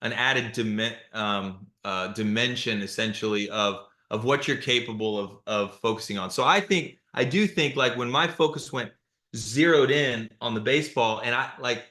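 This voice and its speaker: Bright-voiced man answering reflectively. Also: mid-range voice, moderate pace, echoey room. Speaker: guest, retired athlete. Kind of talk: live interview answers.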